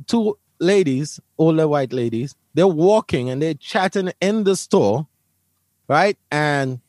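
In a mid-range, slightly mellow voice with no room sound, a Brooklyn, New York man shares a personal story with an interviewer. As an interview guest he tells it vividly and with emphasis, repeating his words often.

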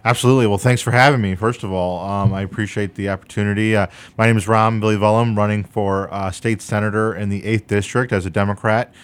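A man's voice: fairly low pitch, steady tone, smooth. A young man running for state senate, answering interview questions earnestly with many fillers. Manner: earnest, measured with frequent fillers.

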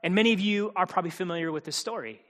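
A man's voice: high-pitched, very fast, a bit bright, in a large hall. A man preaching a sermon in a conversational, emphatic way, acting out the quotes he tells.

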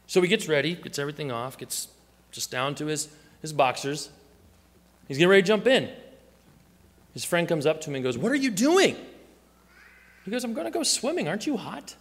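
A man's voice: a little high, sharp tone, long reverb tail. A man preaching a sermon, telling stories and acting out the voices he quotes. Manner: storytelling, acts out quoted voices. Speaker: pastor.

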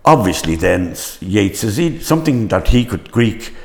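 Older man, rambling, lively pitch. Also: moderate pace, creaky. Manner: rambling, stop-start storytelling. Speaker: veteran stage actor. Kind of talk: reminiscing interview.

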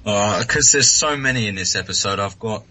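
A man's voice: lowish voice, brisk, pushed and bright, rough recording. A British man co-hosting a podcast, chatting enthusiastically and laughing easily. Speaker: podcast co-host. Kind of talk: casual podcast chat.

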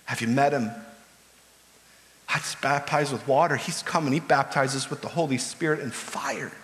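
A man's voice: medium pitch, normal speed, fairly bright tone, big-room sound, a little hiss or hum. A man preaching a sermon as pastor, earnest, building to urgent pleading.

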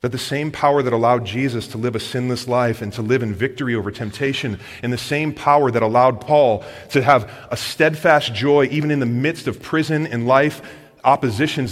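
A man preaching a sermon to his congregation, moving between hushed earnest passages and loud excited ones and putting questions straight to the listeners. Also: mid-range voice, fairly quick. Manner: asks the congregation direct questions. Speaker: pastor. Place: large church hall with congregation. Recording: long hall reverb.

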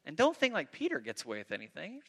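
A man preaching a sermon, with a bright, fairly high voice that rings through a large hall with a long reverb. He talks in an animated way, acts out the voices of the people in his story and often repeats his words. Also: fast talker, slightly rough. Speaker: pastor.

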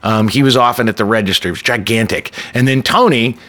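A man's voice: mid-range voice, fast, a bit bright. A man telling a personal story in a loose, conversational way, full of "like" and small restarts. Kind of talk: personal story told casually.

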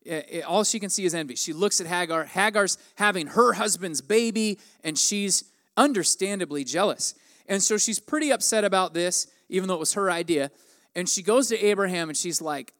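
A man's voice: animated, normal speed, fairly bright tone. A man in his forties preaching a conversational sermon, acting out the people in the story. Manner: conversational, acts out quoted lines with raised pitch. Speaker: pastor.

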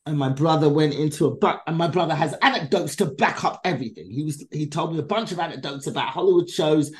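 A woman comedian talks fast in a low-sitting voice while telling a story on a podcast where she's a guest. She animatedly performs the dialogue of each person in different voices, swearing freely throughout.

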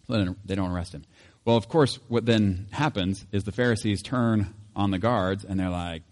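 A man reading scripture and then teaching in a relaxed, chatty way, laughing now and then. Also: on the low side, normal speed, in a large hall. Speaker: pastor.

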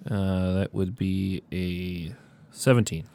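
A man's voice: low voice, steady tone, takes it slowly, vocal fry, dark tone, no room sound. A man at a tabletop role-playing game, rambling and stammering as his character panics. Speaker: player.

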